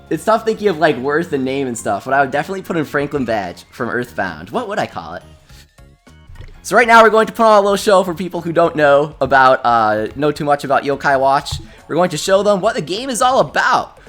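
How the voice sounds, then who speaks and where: A young man hosting a casual game livestream, reading chat messages aloud and reacting with excitement. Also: a little high. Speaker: gaming livestreamer.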